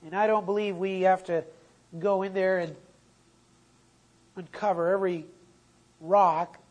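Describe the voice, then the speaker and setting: A preacher delivering an emphatic sermon, slowing down and repeating key phrases for weight. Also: medium pitch, fairly even intonation, darkish tone, lo-fi sound.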